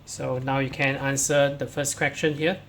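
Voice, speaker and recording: A man's voice: medium pitch, little pitch movement, a bit bright, a little hiss or hum. A man teaching English, walking pupils through workbook answers and reading the text aloud step by step, starting many sentences with "so". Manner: slow, explains step by step, starts lines with "so".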